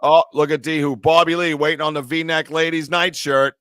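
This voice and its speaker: A man's voice: on the high side, little pitch movement, normal speed, a bit bright, clean tone, dry recording. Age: adult. Sex: man. Role: podcast host. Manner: teasing, laughing, rambling. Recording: dry small home room. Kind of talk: casual joking podcast chat.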